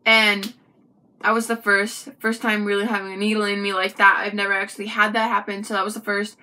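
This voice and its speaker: This young female vlogger shares a personal story on camera in a mid-range voice, talking a little fast, with a slight hiss or hum in the audio. Her delivery is lively and conversational, full of asides to the viewer.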